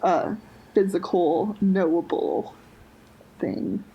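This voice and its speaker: A woman's voice: lowish voice, expressive, very slow, creaky, slightly rough, highs cut off. A woman co-hosting a podcast, telling a story in a casual chat full of "like" and "um". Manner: chatty, heavy use of "like" and "um". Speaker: podcast co-host.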